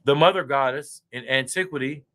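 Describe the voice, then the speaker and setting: A man's voice: medium pitch, brisk, pushed and bright. A man ranting in a heated online chat, boastful and profane, drinking beer as he talks. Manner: drinking beer while talking. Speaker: guest speaker. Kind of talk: heated casual debate chat.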